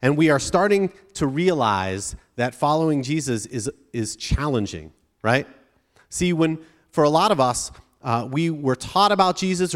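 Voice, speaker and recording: A man gives a sermon to students in an easy, conversational way and keeps tossing the crowd quick "right?" checks. His voice sits at an ordinary middle pitch. It carries a long reverb from a large hall. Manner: conversational, frequent tag questions. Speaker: pastor.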